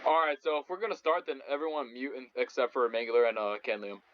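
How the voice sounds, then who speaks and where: A man's voice: mid-range voice, quick pace. A man chatting casually on a voice call, hesitant and full of fillers. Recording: dull voice-call audio with faint noise.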